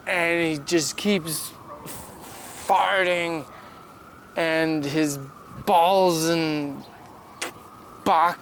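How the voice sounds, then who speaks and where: A man improvising a silly comic story with halting, filler-filled talk, outdoors in a park. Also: high voice, fairly bright tone, a little hiss or hum.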